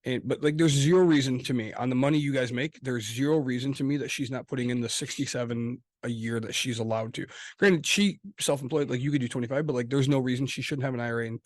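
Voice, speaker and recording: A man co-hosting a casual podcast chat, swearing freely and talking with loud emphasis. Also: mid-range voice, fairly even intonation, fast, hardly any pauses, no room sound. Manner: profane, emphatic, gets loud. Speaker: podcast co-host.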